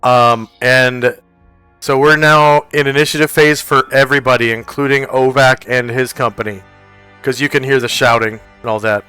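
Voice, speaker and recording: A man running a tabletop game as game master, narrating the scene and explaining rules in a casual, halting way full of fillers. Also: mid-range voice, steady tone, sharp tone, smooth, soft background music.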